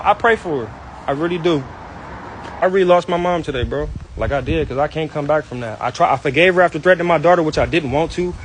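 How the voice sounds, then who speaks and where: A man's voice: high voice, a little hiss or hum, low-quality recording. A young man in a heated personal rant, angry and hurt, talking in slang and repeating himself.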